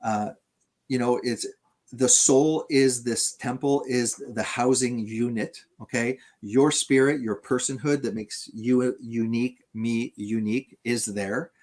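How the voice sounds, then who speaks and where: A man in a conversational debate on theology, speaking haltingly with frequent fillers and restarts. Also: medium pitch, steady tone, darkish tone.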